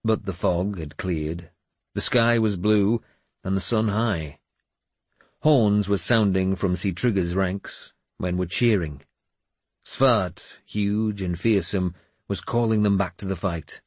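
Low, husky man reading an audiobook slowly. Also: no echo. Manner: measured, expressive storytelling. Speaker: audiobook narrator. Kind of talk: first-person audiobook narration.

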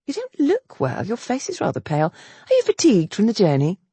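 A woman reading the part of a gentle, caring young governess, speaking higher, soft and soothing. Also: wildly swooping pitch, fairly quick, husky, no room sound, exaggerated voice. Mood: concerned.

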